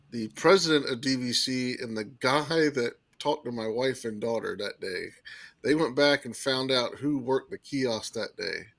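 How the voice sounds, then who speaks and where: A man recounts a personal story in casual podcast talk. He tells it emphatically and with energy, at a middle pitch. The sound is dry and close. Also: no echo. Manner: animated, emphatic retelling with acted quotes. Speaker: podcast guest telling a story.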